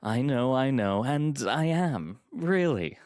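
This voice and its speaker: A man's voice: mid-range voice, lively intonation, moderate pace, darkish tone, dry recording, studio quality, pitched above the performer's own voice, lightly acted. A man voicing a sly male trickster who speaks in a teasing, mock-polite way. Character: sly smirking male trickster, young adult.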